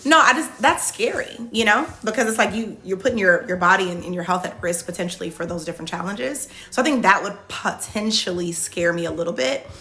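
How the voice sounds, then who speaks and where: In a bright, forceful, mid-range voice, a reality show contestant answers incoming viewer comments during a relaxed livestream Q&A. She speaks a little fast with few pauses, peppering her talk with "like" and frequent restarts.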